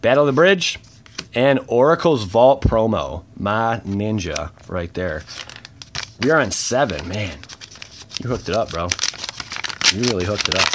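Laid-back slangy man with a low voice. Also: slight background noise. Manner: relaxed, slangy, reads names aloud with bursts of excitement and muttered asides. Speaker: channel host opening trading cards. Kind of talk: casual unboxing chat.

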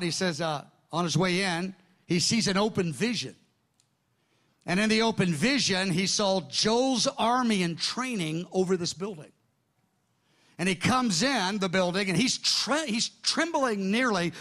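A middle-aged male pastor tells a story in his sermon, speaking in a fairly high voice. Because he acts out the quoted dialogue, his delivery keeps shifting, and he stays lively and engaged the whole way through.

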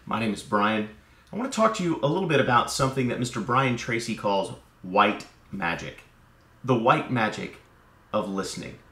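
A man's voice: on the low side, moderate pace. A man hosting a motivational vlog, talking casually and energetically to camera. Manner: conversational, energetic, acts out sales dialogues. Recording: roomy echo, distant from mic.

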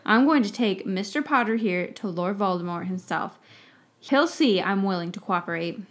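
A woman voicing a nervous, scheming male wizard minister who talks quickly and tries to hide the tremble in his voice. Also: medium pitch, expressive, lightly acted. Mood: nervous bluster. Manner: speaks quickly, hiding nerves. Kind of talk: dramatic audiobook-style reading.

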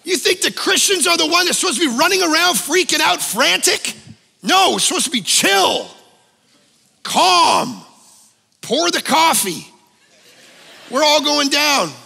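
A male pastor preaching a conversational sermon, emphatic, with sudden loud bursts and casual asides. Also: extremely high pitch, expressive, measured pace, vocal fry, pauses often, long reverb tail. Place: church auditorium.

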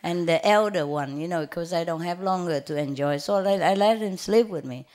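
A woman spiritual teacher gives an informal, chatty talk, rambling through personal stories and laughing a lot, with frequent fillers and restarts. Her voice is fairly low and a little mellow, at a moderate pace.

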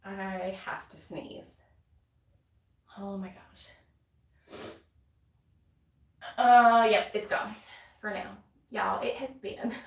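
Counting reps aloud while she exercises, a Southern woman from North Carolina offers chatty, casual workout instruction. She's medium-pitched and a little winded, laughing and sighing between moves. The recording sounds roomy, captured from a distance.

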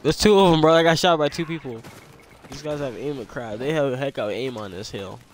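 A young man, commenting on his own gameplay casually, excitable, repeating himself and yelping when attacked. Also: medium pitch, a little fast, a little hiss or hum. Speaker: gameplay streamer.

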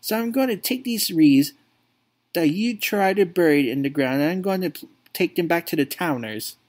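A man's voice: expressive, normal speed, darkish tone, lightly acted. A man playing an anguished young son. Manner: pleading, accusing, voice straining high.

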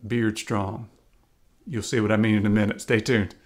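A man's voice: on the low side, normal speed. A man hosting his own beard channel, talking casually and chattily with lots of fillers as he gives beard advice. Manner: relaxed and chatty, frequent "uh" and "kinda". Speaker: YouTube beard channel host. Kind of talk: casual video commentary.

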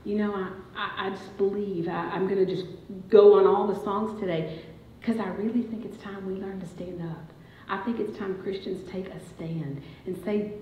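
A woman's voice: medium pitch, normal speed. A woman preaching a sermon in a church, telling a family story and building to emphatic declarations. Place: church sanctuary. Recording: dull, echoey church recording.

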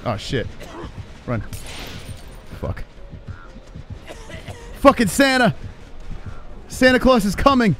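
A man giving live commentary on his own gameplay, swearing and reacting in excitable panic. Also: very high voice, slow, pauses often, soft background music. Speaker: streamer.

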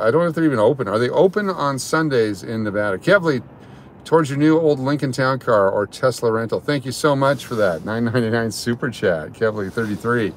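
A man's voice: medium pitch, slight background noise. Man livestreaming from his parked car. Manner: rambling, greets chat names between remarks. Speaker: livestream host. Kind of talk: casual live chat with viewers. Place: parked car in an underground parking garage.

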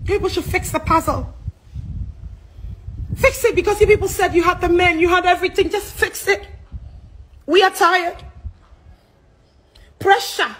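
A Ghanaian woman with a strikingly high voice rants about the cost of living. She is loud, fearless and fiery, cursing freely as she speaks. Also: steady tone, measured pace, pauses often, a little hiss or hum, rough recording. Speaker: social media commentator. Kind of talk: angry political rant.

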